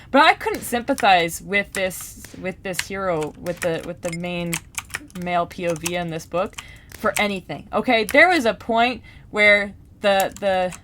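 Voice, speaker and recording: A woman chats casually to her viewers, rambling and animated, with many fillers and restarts. Her pitch sits in a middle range. Faint keyboard clicks sound in the background while she plays. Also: a little hiss or hum. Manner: gaming while talking. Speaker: book vlogger. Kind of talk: casual chat.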